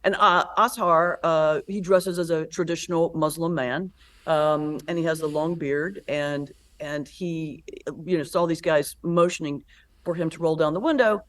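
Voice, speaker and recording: A woman's voice: low-pitched, a little slow. A woman pastor and comedian, a guest in a conversational interview, telling stories and acting out the voices in them. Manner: lively storyteller who acts out quoted voices.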